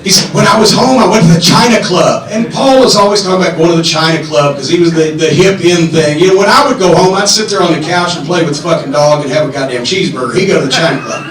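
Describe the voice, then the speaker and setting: A middle-aged man hosting a live podcast from a comedy club stage, telling long, profane, animated anecdotes. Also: fairly high pitch, quick pace, hardly any pauses, crowd noise. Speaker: podcast host. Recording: echoey room from far off.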